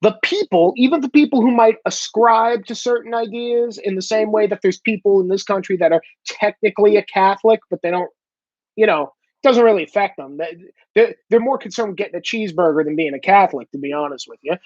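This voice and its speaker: A man's voice: high voice, a little fast, a little mellow. A blunt man rants straight to the camera and swears freely as he goes. He keeps breaking into mocking impressions of other people. His voice sounds dull and muffled, with a dry, close sound and no room echo. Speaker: vlogger. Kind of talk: casual profane monologue.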